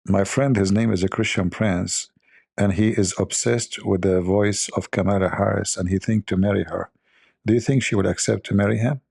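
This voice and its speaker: A man's voice: on the low side, fairly even intonation, moderate pace, creaky, darkish tone, husky, no echo, studio quality. A man hosting a joking commentary who rambles, mocks and thinks aloud into a desk microphone. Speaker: host.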